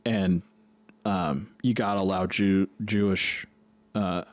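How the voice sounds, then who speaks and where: A man's voice: sits low, steady tone, takes it slowly, no echo. A man hosting a podcast, telling a rambling, profane story in casual chat. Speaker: podcast host.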